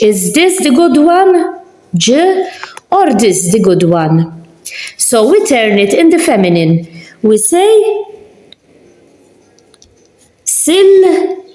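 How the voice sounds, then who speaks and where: Slow, patient woman teaching in an echoey room. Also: on the high side, very animated, darkish tone. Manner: patient, repeats words slowly and deliberately. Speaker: language teacher. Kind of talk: slow spelling lesson with examples.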